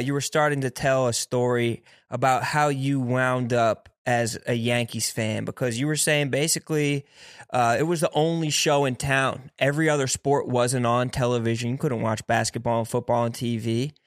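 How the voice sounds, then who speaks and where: A man's voice: mid-range voice, steady tone, moderate pace, no echo, clean studio sound. A man hosting a podcast, casually recapping his guest's stories and prompting him on. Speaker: podcast host. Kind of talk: casual interview chat.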